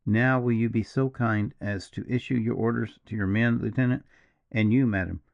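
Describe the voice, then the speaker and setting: A man voicing a grave, brooding partisan officer in an audiobook, speaking slowly and in a measured, mournful way. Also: fairly low pitch, fairly even intonation, gravelly, no echo, muffled recording. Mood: gentle. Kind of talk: audiobook character reading.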